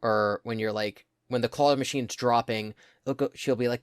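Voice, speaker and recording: A man's voice: on the low side, steady tone, a little fast, clear, resonant tone, dry recording, clean studio sound. A young man co-hosting a casual podcast, telling stories in an easygoing way and stretching words out to make a point. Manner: easygoing, drawls words out when making a point. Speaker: podcast co-host. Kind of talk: casual storytelling chat.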